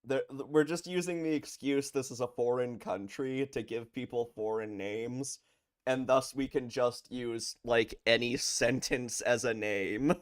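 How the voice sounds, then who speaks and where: A man's voice: medium pitch, steady tone, a little slow. A man giving sarcastic let's play commentary, groaning at puns and cursing now and then. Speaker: streamer. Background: game music.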